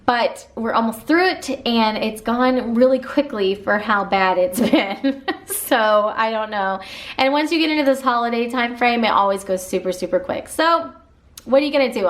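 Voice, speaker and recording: A woman in her thirties from Southern Illinois with a Kentucky-like accent, chatting casually to camera in a Q&A vlog, full of fillers and asides. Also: fairly high pitch. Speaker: vlogger.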